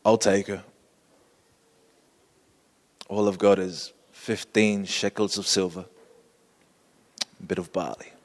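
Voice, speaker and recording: A timid older pastor, put on by a male preacher, speaks in a shaky, low, quiet voice. A long hall reverb trails behind his words. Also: flat delivery, takes it slowly, pauses often.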